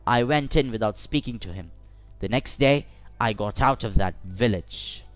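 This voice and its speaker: A man narrating a first-person short story for English learners in a measured, deliberate way. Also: lowish voice, no room sound, soft background music. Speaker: audiobook narrator.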